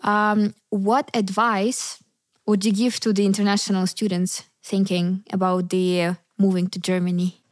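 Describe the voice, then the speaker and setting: A woman from Ukraine hosting a podcast interview, asking measured questions and giving frequent "mm-hmm" backchannels. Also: medium pitch, flat delivery, no echo, clean studio sound.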